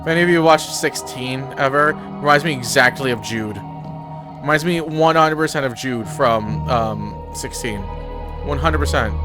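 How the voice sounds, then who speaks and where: With music in the background, a man with a medium-pitched voice speaks a little slowly as he chats casually through a let's-play, reading game text out loud. He's under the weather and has chapped lips.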